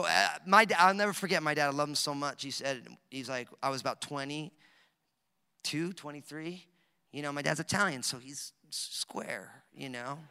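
A man in his thirties preaching a sermon as a pastor, telling jokey stories in an animated way with lots of fillers. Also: a little high, clear, resonant tone. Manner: animated, joking storytelling with many fillers. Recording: echoey hall recording.

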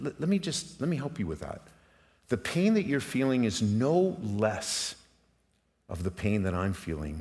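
A middle-aged man preaching a sermon to his congregation, passionate and direct, asking rhetorical questions and swinging between hushed and loud emphatic moments. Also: on the low side. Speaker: pastor. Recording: long reverb of a large hall.

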